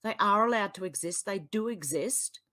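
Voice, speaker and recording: A woman's voice: medium pitch, animated, normal speed, sharp tone. Blunt exasperated Australian woman vlogger. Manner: exasperated, blunt, swings between sighs and outbursts. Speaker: political commentary vlogger. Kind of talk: reading posts aloud and reacting.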